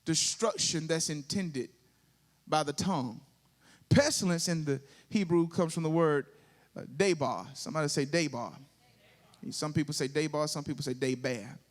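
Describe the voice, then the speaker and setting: A slightly high-voiced male preacher with a Southern US accent delivers his sermon at normal speed. Call-and-response with the congregation builds into rising climaxes that he sings.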